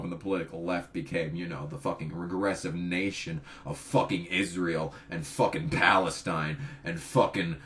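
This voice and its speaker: A young man in his twenties, a college student by his own account, giving a profane, exasperated rant on his vlog. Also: sits low. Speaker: vlogger. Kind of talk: ranting political vlog.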